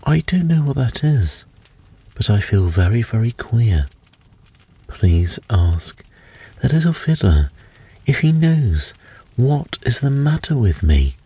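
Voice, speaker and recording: A man's voice: medium pitch, sing-song, takes it slowly, pauses often, warm tone, husky, pitched above the performer's own voice, exaggerated voice. A man doing a frightened little pixie. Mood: worried. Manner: plaintive, anxious. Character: small frightened male pixie elf.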